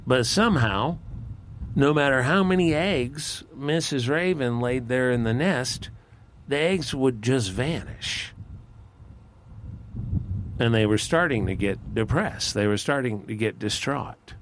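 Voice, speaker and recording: A man telling a fable at a live campfire gathering outdoors, in a folksy, unhurried, conversational way. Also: mid-range voice, animated, a little hiss or hum. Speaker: storyteller. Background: faint outdoor ambience.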